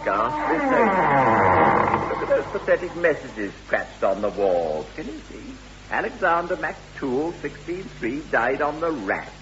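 A man's voice: mid-range voice, huge pitch swings, a little slow, noisy background. An actor playing a pompous, flustered English businessman with a plummy manner, in a comic radio play. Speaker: buyer of a castle. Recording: dull lo-fi old radio recording.

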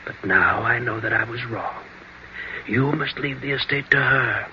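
A man's voice: mid-range voice, measured pace, a little hiss or hum, lightly acted. An actor playing the solemn ghost of a dead man who returns to make amends, in an old radio drama. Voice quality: gravelly, solemn, hushed at times. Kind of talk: 1940s radio acting. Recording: dull lo-fi old radio recording.

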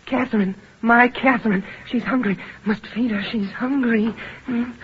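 An actor playing a starving, delirious young man who pleads faintly and slowly, in 1940s radio acting. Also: very high voice, fairly even intonation, exaggerated voice. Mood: desperate. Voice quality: breathy. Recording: muffled old radio broadcast.

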